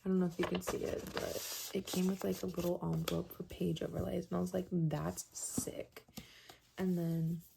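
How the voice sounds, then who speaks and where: A young woman chatting casually in a book vlog, soft-spoken and dropping often into a whisper, with plenty of filler words. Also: fairly low pitch, flat delivery, a little fast, gravelly, hardly any pauses, background noise. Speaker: book vlogger. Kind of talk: casual reading vlog chat.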